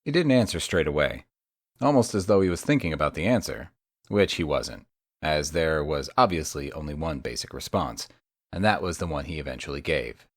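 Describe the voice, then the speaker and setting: Male audiobook narrator, very low voice, dry sardonic delivery, close dry studio sound. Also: expressive, normal speed, no echo. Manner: wry and sardonic. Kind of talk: first-person audiobook narration.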